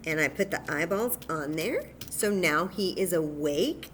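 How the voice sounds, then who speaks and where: A woman leading a children's story time at home, speaking slowly in a sing-song way and talking directly to the kids. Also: on the low side, animated, a little hiss or hum. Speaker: children's librarian. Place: home room with a cat nearby.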